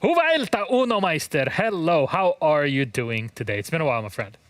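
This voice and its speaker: Man, esports desk host, high voice, very animated, jokey, teasing, dry close sound. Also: brisk, no echo. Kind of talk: live esports broadcast hosting.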